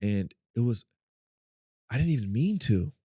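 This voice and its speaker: A man co-hosting a faith-based podcast, telling a personal story in an animated way and acting out what people said. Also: a little slow, slightly rough, no echo, studio quality. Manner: animated storyteller, acts out quotes in a high voice. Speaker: podcast co-host.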